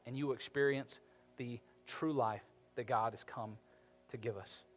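A man preaching a sermon as pastor, with emphatic delivery that swings from quiet to loud. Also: medium pitch, normal speed. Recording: reverberant hall with faint music.

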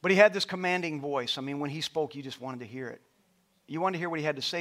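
A middle-aged male pastor preaching a sermon in a church, rising to loud passionate peaks and dropping to a soft storytelling voice. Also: fairly high pitch, fast talker. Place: church auditorium with stage lights.

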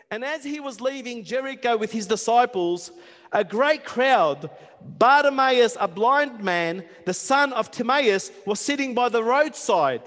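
A man preaching a passionate sermon, repeating words and building to near-shouts. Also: extremely high pitch. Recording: long reverb of a hall.

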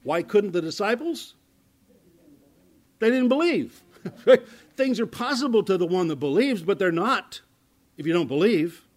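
A man preaching as a pastor in a conversational Bible-teaching sermon. He restarts his words often and swings between loud emphasis and hushed asides. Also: sits high, animated, measured pace, pauses often.

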